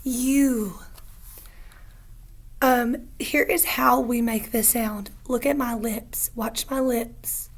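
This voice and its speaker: A woman teaching a phonics lesson to young learners, patient and encouraging, stretching out each sound slowly. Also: on the high side.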